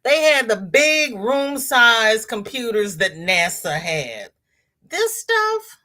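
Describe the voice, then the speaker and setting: A woman in her sixties hosting a casual crochet livestream, chatting warmly with viewers and greeting them by name as she reads the chat. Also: mid-range voice. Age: 60s.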